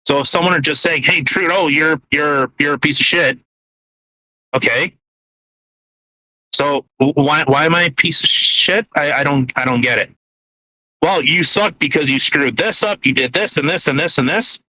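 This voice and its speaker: A man with a high-leaning, bright and forceful voice talks at a moderate pace on a dry, low-quality recording. As a podcast co-host he rambles through loose political conversation packed with fillers, restarts and blunt swearing, eating into the podcast mic as he goes.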